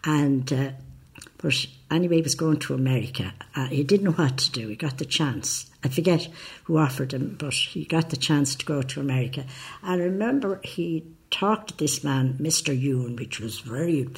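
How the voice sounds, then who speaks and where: A woman's voice: low voice, animated, normal speed, breathy edge. An older woman with an Irish accent, telling family stories in a rambling way with many fillers. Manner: rambling anecdotal, hesitant fillers. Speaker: interviewee. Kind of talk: casual reminiscing.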